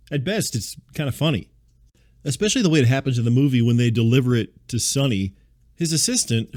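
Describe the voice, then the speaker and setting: A man's voice: mid-range voice, a little mellow. A man in a mid-range voice hosts a comedy podcast. He rambles through wry, incredulous digressions in a scripted monologue. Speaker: podcast host.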